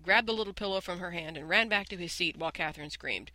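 Man reading a kids storybook, high and super bright, dry close sound. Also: fast talker, hardly any pauses, no room sound, rough recording. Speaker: audiobook narrator. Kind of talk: storybook narration.

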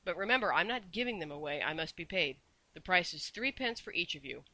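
Guy putting on a shrill little old shopkeeper lady, bossy and cackly, super bright piercing tone, storybook voice. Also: lively intonation, a little fast, no room sound, full character voice. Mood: brisk. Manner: flips between fierce softness and sweet coaxing. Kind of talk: storybook reading.

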